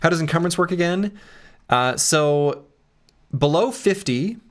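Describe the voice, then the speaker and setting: A man's voice: a little high, lively intonation, measured pace. A man streaming a game, chatting casually in a joking, rambling and self-mocking way. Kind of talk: casual gameplay commentary and chat.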